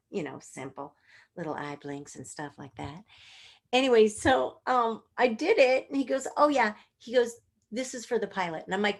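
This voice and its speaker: A middle-aged woman with a mid-range voice tells stories with bubbly energy. She puts on voices for the people she quotes. Her talk is animated and expressive. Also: medium pitch, moderate pace. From Northern California. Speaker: guest puppeteer. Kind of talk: animated interview storytelling.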